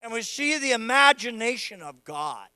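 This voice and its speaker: A man preaching a sermon, moving from casual teaching to loud, fervent prayer. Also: very high voice, sing-song, normal speed, smooth, no room sound, clean studio sound. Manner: acts out quoted voices of God playfully. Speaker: pastor.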